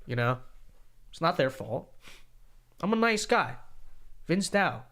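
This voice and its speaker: A young man hosting a casual livestream, reading viewer donations aloud in an animated, joking way with frequent restarts. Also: a little high, slow. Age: young adult. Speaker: show host.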